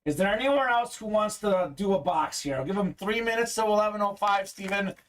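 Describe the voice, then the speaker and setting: A man's voice: high voice, a little fast, a bit bright. A young man hosting a live card-break stream, chatting casually and reading viewer comments aloud.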